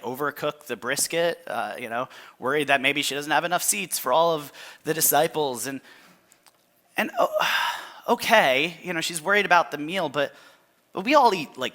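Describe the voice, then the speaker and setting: A man preaching a sermon in a relaxed, conversational way, often restarting phrases and asking listeners to underline and circle words in the passage. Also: mid-range voice. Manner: conversational, halting restarts, asks listeners to mark the text. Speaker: pastor.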